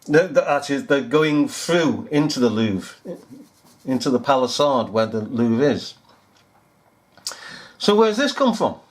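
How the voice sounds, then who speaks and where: Animated, sarcastic male commentator. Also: medium pitch, measured pace, long pauses. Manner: sarcastic, incredulous, repeats himself. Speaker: video commentator. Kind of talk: commentary over news footage.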